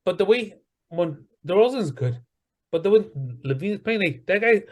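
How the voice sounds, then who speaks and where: Ranting high-voiced man cursing. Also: expressive, moderate pace. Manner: profane, ranting, heated. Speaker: podcast co-host. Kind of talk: casual sports chat.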